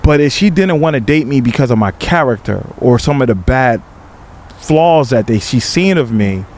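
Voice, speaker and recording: Hesitant, reflective man, mid pitch. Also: expressive, moderate pace, darkish tone, a little hiss or hum. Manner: reflective, hesitant, repeats words, lots of 'you know'. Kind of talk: candid podcast conversation.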